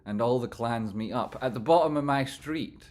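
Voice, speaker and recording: A Scottish man hosting a casual livestream, reading chat aloud, swearing freely and swinging between loud jokey outbursts and soft sincere asides. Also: medium pitch, normal speed. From Scotland.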